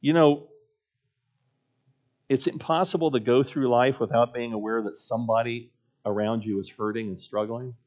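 A man's voice: mid-range voice, steady tone, moderate pace, long pauses, a little mellow. An earnest male pastor delivers a sermon in a middle-range voice, weaving a personal story into his message. He builds each point through rhythmic repetition. The recording sounds muffled and lo-fi.

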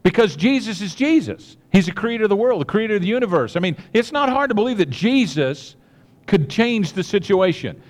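A man's voice: sits high, big pitch swings, brisk, long reverb tail. A man preaching a sermon, earnest and repetitive, with many restarts and direct asides to the congregation. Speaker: pastor.

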